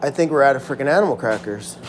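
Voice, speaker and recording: A man caring for animals at a sanctuary, chatting casually and excitedly on a livestream and thanking donors as he goes. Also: medium pitch, fast, slight background noise. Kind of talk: casual live-stream chat.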